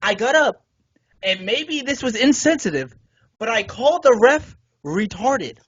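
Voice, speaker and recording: A man's voice: extremely high pitch, a little slow, husky, lo-fi sound. A man co-hosting a podcast, telling a sports-game story in casual, indignant talk with plenty of swearing. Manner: animated, indignant retelling with swearing. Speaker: podcast co-host.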